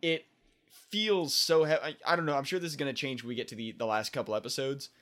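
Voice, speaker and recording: A man's voice: mid-range voice, quick pace, fairly bright tone. A man co-hosting a podcast, chatting casually about a kids' show episode, rambling with restarts and fillers. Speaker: podcast co-host. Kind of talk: casual chat.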